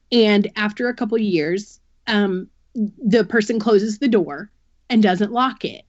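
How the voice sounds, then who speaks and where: A woman's voice: medium pitch, a little mellow, no room sound, highs cut off. Earnest woman explaining with analogies. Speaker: podcast guest. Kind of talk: candid personal account.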